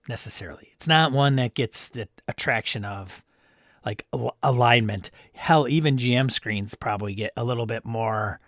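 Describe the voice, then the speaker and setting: A man's voice: medium pitch, no echo. Chatty male stream host, dry sound. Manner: chatty, reads chat aloud, greets viewers by name, snarky asides. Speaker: livestream host. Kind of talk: casual live-stream chat.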